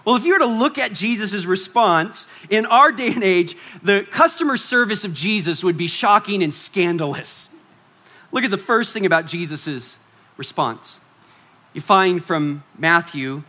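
Bright-voiced, animated male preacher. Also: high-pitched, normal speed. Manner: animated, swings from loud to hushed, acts out quoted voices. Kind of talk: sermon.

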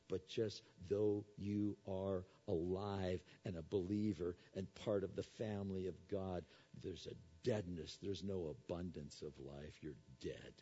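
A male pastor preaching a sermon, swinging between soft low lines and loud raised appeals. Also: slightly rough, dull audio.

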